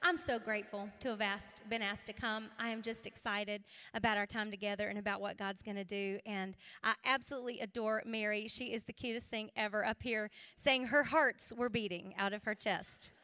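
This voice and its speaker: Addressing a live women's church audience, this South Carolina woman with a Southern accent spins humorous, chatty stories and laughs a lot. She speaks at normal speed with hardly any pauses, in a medium-pitched, fairly even voice that sounds pushed and bright on a dry recording.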